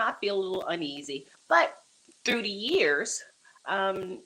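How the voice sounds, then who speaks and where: Bright, lively-voiced woman talk show guest. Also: low-pitched, low-quality recording. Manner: animated, laughing often, many fillers and restarts. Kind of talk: conversational interview storytelling.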